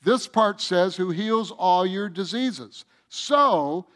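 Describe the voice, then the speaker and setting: Slow, high-voiced male pastor preaching. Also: animated, a bit bright. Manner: emphatic, addresses the congregation directly. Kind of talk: sermon.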